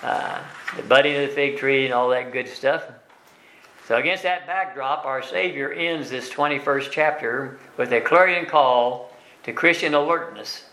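An older man leading a Bible study class, explaining verses word by word in a plain, folksy way with many pauses and fillers. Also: mid-range voice, sharp tone. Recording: echoey room.

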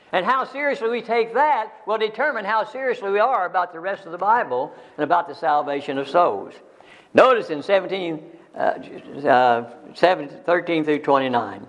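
Older guy preaching, fairly high voice, earnest and emphatic, repeats himself. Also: fairly bright tone, dull audio. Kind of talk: sermon.

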